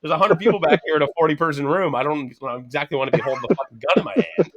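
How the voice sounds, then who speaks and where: A man's voice: on the high side, racing, lo-fi sound, a loud crowd. Foul-mouthed man spinning a yarn. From Canada. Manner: animated, swears constantly, laughs mid-sentence, acts out quotes. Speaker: podcast guest. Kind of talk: casual storytelling chat.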